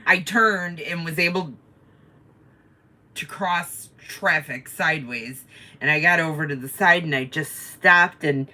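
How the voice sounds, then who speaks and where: A woman co-hosting a casual live chat, telling a story in an animated way and swearing freely. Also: low-pitched, measured pace. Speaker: co-host of a live chat stream.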